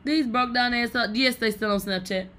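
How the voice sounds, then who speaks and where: A woman hosting a casual celebrity gossip show, blunt, profane and animated. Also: on the high side, moderate pace.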